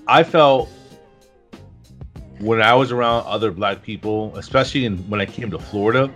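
A man's voice: on the low side, fairly bright tone, faint music behind. A middle-aged man co-hosting a podcast, talking reflectively in casual chat with frequent restarts. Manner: reflective, halting with restarts and fillers. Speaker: podcast co-host.

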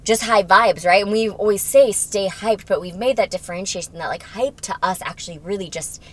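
A woman co-hosting a podcast, talking quickly and upbeat with many fillers in casual chat. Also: medium pitch, a little mellow. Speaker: podcast co-host.

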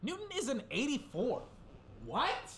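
A man's voice: extremely high pitch, huge pitch swings, unhurried, a bit bright, slight background noise. A young man rambling through casual solo commentary, swearing and getting worked up as he goes. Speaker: gaming commentator.

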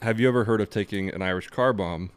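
A young man co-hosting a podcast in casual chat, rambling with a dark sense of humor. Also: on the low side, fast, smooth. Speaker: podcast co-host.

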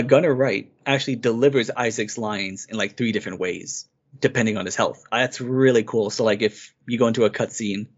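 A man co-hosting a podcast, casually and eagerly retelling a game's story in a rambling way. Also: mid-range voice. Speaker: podcast co-host. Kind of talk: casual game review chat. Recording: dull lo-fi recording.

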